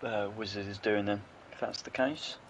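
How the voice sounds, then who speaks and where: A man's voice: on the low side, fairly even intonation, moderate pace, a bit bright, slight background noise. A man co-commentating on a live online race with short interjections, and he has the hiccups. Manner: short interjections beside the lead caller. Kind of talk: live sim-racing commentary.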